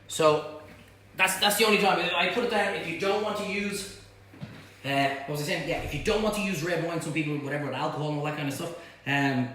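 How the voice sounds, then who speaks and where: Man, cooking host, slightly high voice, blunt banter, very echoey kitchen, faint hum. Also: bright, forceful tone. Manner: chatty, blunt, banters with viewers. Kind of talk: live cook-along demonstration. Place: home kitchen.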